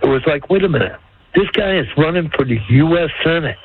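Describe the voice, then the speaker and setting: A man's voice: a little high, quick pace, slightly rough, dry recording. An older man talks in a folksy, rambling way, calling in to a radio show. His voice comes over a tinny phone line, dry and close. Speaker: caller. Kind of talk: phone-in call.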